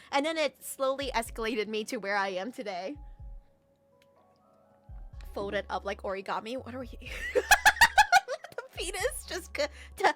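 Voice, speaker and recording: A young woman streamer talks to her chat in a loose, teasing way, often dissolving into laughter. Her voice is high and bright and leaps all over the place. Faint music plays behind her. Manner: giggly, teasing, bursts into loud laughter. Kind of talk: casual livestream chat.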